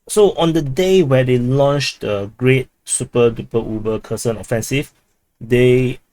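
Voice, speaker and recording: A man's voice: mid-range voice, darkish tone. A man giving an unscripted war update, hesitant and wry, full of fillers and restarts. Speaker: military news commentator.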